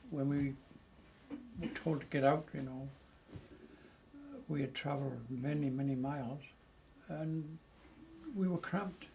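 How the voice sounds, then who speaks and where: Gravelly-voiced man in his eighties. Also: mid-range voice, slight background noise, low-quality recording. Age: 80s. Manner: lively storyteller who chuckles often. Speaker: interviewee recounting memories. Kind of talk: casual storytelling.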